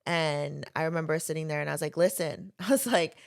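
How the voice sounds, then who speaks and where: Low, gravelly woman chatting on a podcast. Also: expressive, fast talker, no echo, studio quality. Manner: earnest, personal, speaks to the viewer directly. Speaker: podcast host. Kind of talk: casual podcast chat.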